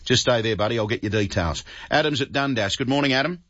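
A man's voice: medium pitch, fast, a bit bright, dry recording. An Australian man hosting a talkback radio show, earnest and thanking his callers, often stumbling and repeating words. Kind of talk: talk radio chat with callers. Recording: dull, dry studio sound.

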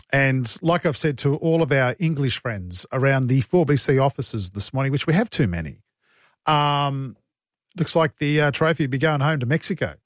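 A man's voice: mid-range voice, no room sound, studio quality. A man with an Australian accent hosting morning talkback radio, chatty and jovial, laughing easily. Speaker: radio host. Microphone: studio mic.

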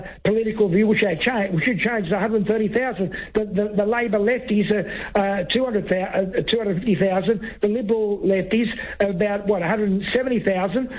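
A man's voice: high voice, slightly rough. A man calling a talkback radio show, arguing heatedly, repeating words and talking over the host. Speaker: radio caller. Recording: tinny phone line.

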